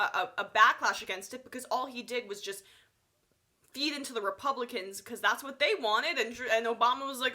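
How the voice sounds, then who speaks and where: A woman's voice: on the high side, a little fast, sharp tone. A woman with a stuffy nose giving sarcastic, opinionated live political commentary, full of fillers. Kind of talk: live online news commentary.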